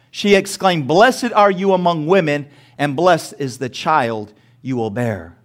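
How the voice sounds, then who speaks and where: A man preaching a sermon as pastor, asking the congregation to repeat words after him and building to shouts. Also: sits high. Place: church sanctuary.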